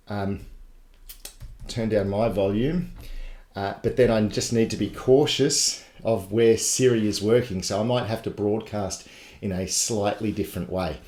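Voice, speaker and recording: A man's voice: fairly low pitch, a little mellow. Echoey man teaching. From Australia. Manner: chatty step-by-step explaining. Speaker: tech tutor. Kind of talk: live webinar tutorial. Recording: echoey live broadcast.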